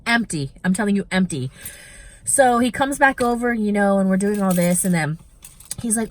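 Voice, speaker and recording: A woman's voice: medium pitch, moderate pace. Chatty woman vlogger telling a story. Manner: animated, chatty, many "like" fillers. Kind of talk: casual storytime chat. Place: shopping mall.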